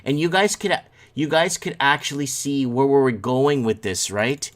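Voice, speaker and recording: A man's voice: medium pitch, moderate pace. A man hosting a casual live stream, rambling over news stories and reading chat comments, sleepy and yawning. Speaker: host.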